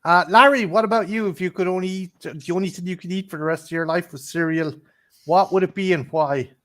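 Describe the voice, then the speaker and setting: A man's voice: high voice, brisk, fairly bright tone. An Irish man co-hosting a casual chat show. He rambles, swears freely and laughs in the middle of his sentences. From Ireland. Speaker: co-host.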